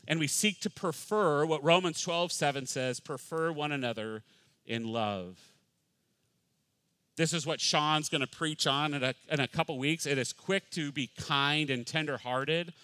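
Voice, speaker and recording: Man, middle-aged, pastor preaching, animated, slightly high-pitched, dry close sound. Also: dry recording. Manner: animated, acts out voices, swings from loud to hushed. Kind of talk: sermon.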